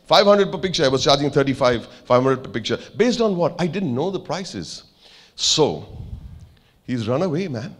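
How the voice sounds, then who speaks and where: A motivational keynote is given by a man whose fairly high voice, at normal speed, rings with big-room sound. His Indian English accent colors an animated story in which he voices the characters and jokes with the crowd.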